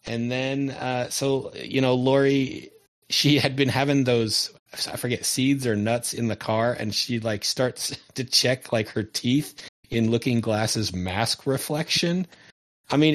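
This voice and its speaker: A man casually recapping a TV episode as a podcast co-host, lively and often laughing as he tells it. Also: medium pitch.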